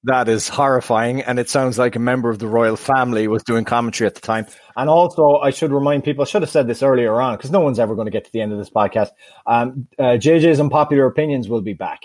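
Male co-host, mid-pitched, wry and exasperated, dry close mic. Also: quick pace, a little mellow, no echo. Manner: wry, exasperated, hesitant fillers. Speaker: podcast co-host. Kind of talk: casual podcast chat.

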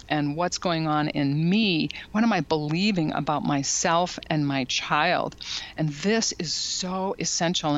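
A podcast guest explaining a parenting approach in a thoughtful, measured way with frequent fillers. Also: medium pitch, a bit bright, lo-fi sound. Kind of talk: casual podcast conversation.

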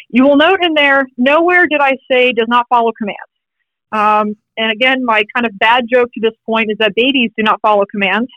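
A woman, a critical care pharmacist, explains clinical topics in an interview, brisk and peppered with wry jokes. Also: medium pitch, fairly bright tone, dry recording, dull audio. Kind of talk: teaching interview talk.

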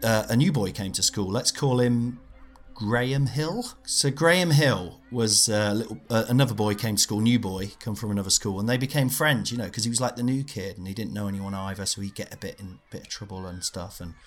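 A man telling a comic story in a meandering, deadpan way, stopping to add details he forgot. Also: on the low side, a little fast. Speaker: comedian guest.

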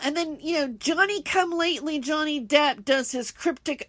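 A woman's voice: high voice, normal speed, hardly any pauses, a bit bright, no room sound. A woman hosting a solo podcast, talking in an indignant, heated, rambling way with many fillers. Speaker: podcast host.

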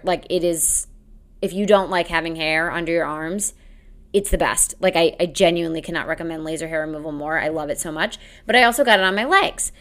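A woman's voice: fairly low pitch, fairly bright tone. A young woman hosting a casual solo podcast, chatting in a rambling, self-deprecating way and laughing often. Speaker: podcast host.

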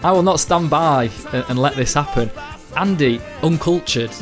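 A man's voice: on the high side, moderate pace, music in the background. A man chatting on a football podcast, playfully defending his taste. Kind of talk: casual chat.

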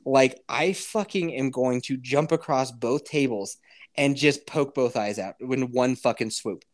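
A man's voice: medium pitch, unhurried. A man in his thirties hosting a podcast, telling a story in casual chat, swearing freely and laughing often. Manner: profane, animated, laughs often.

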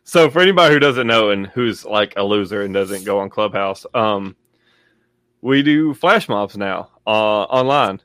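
Male co-host, low voice, joking storyteller, casual chat. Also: animated, normal speed, fairly bright tone, no room sound, studio quality.

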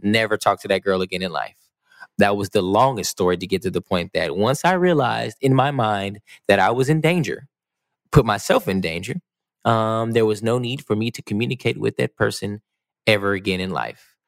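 A man's voice: fairly low pitch, moderate pace, vocal fry, dry recording, studio quality. A man co-hosting a podcast, telling a personal story in a laid-back way, often repeating and restarting his words. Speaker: podcast co-host. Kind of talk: casual storytelling chat.

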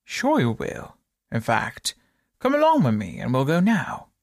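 A burly bobby, barking orders in a loud, raised voice that climbs high when he shouts, as a man puts him on. Gravelly edges run through it, and the recording is dry and close. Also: huge pitch swings, a little slow, no room sound, full character voice. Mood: commanding. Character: burly London police constable, brisk and commanding.

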